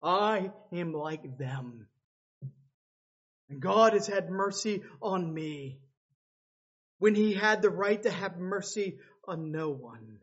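A male preacher with a high voice delivers a sermon slowly and deliberately. He swings between loud, pleading cries and low, hushed passages. The recording sounds a little dull and lo-fi. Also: lively intonation, slightly rough.

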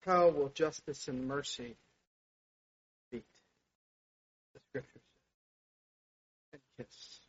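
A man preaching a sermon with passion, dropping to a hush and then rising to loud exclamations. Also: a little high, slightly rough. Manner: impassioned, swings from hushed to loud exclamations. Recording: dull lo-fi sound.

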